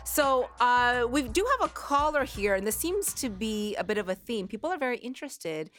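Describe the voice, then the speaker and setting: A woman hosting a radio talk show, chatty and quick to laugh. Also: a little high, animated, a bit bright. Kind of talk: casual radio chat. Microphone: studio microphone.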